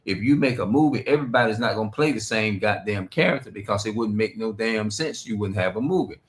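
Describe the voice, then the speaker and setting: A man's voice: lowish voice, fast. A man giving a rambling, profane religious monologue on a stream, reading scripture aloud between his remarks. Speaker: street preacher.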